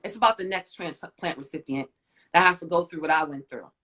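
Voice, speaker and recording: A woman in her forties, a guest in an interview, telling a personal story in an emphatic way, swinging from loud to soft. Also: low-pitched, fairly quick.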